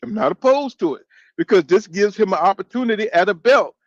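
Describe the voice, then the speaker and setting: This boxing channel host, a man in his fifties, has a high voice with lively intonation and a slightly fast pace. He reads viewer comments aloud on a live stream, chatting loosely, swearing and answering chat. The recording is dry and muffled.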